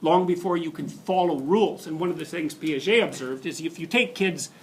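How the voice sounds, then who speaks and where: A man in his fifties giving a university lecture to students, animated, laughing often and restarting sentences as he digresses. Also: fairly high pitch, brisk, a little hiss or hum. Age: 50s.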